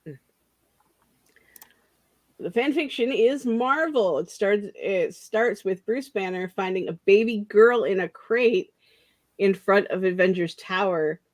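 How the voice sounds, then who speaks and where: A woman's voice: mid-range voice, no echo. A young woman hosting a casual productivity stream, chatting in a rambling way and laughing often, sounding drowsy. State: yawning, drowsy. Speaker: streamer host. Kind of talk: casual chat.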